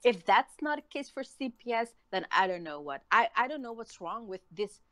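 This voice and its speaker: A woman's voice: a little high, sing-song, normal speed, fairly bright tone, no room sound. Woman ranting angrily, very dry sound. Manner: angry, profane ranting. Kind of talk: heated casual chat.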